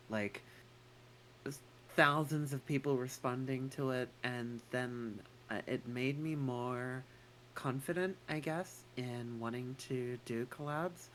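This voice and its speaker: A woman's voice: extremely low pitch, takes it slowly, a little hiss or hum. A woman co-hosting a casual chat, rambling and swearing casually, with a put-on American accent. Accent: non-native English put-on American. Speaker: co-host.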